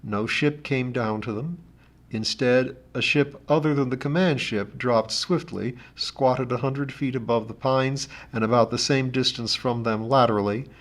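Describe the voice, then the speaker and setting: A man's voice: mid-range voice, unhurried. Man reading a novel aloud. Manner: steady, expressive reading. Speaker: audiobook narrator.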